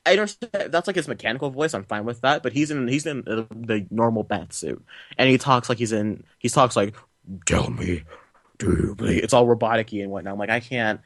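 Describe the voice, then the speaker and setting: A man's voice: medium pitch, a little fast, fairly bright tone, no room sound, studio quality. A man with a British accent, a guest on a film podcast, chatting casually and sarcastically. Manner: sarcastic, joking.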